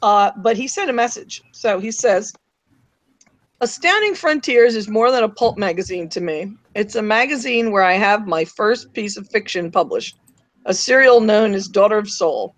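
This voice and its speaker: A woman's voice: medium pitch, animated, normal speed, dry recording, poor audio. A woman co-hosting an online panel, chatting and reading a guest's message aloud with small self-corrections. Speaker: co-host. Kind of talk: casual roundtable chat and reading aloud.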